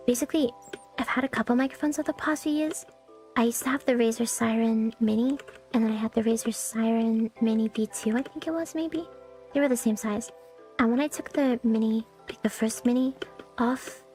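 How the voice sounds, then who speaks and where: A young woman's fairly high, slightly mellow voice carries her candid, rambling stream chat from home, full of free swearing. Faint music sits in the background, and she speaks into a new condenser mic on a stand.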